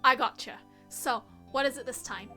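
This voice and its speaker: Woman reading playful younger sister in a game, lively, bright, faint music. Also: high-pitched, moderate pace. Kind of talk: reading game dialogue aloud.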